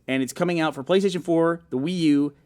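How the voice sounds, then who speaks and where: Fast-talking man hosting a podcast. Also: a little high, a little mellow, smooth. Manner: fast, rambling, jokey asides. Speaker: podcast host. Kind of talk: casual chat.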